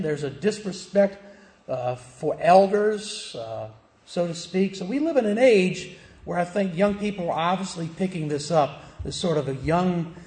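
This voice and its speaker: A man's voice: high-pitched, darkish tone. Man preaching in an echoey church. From American South. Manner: conversational preaching with rhetorical questions. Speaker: pastor. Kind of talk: sermon.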